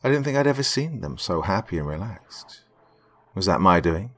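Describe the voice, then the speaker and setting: Deep, animated male storyteller for first-person fiction. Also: moderate pace. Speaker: narrator.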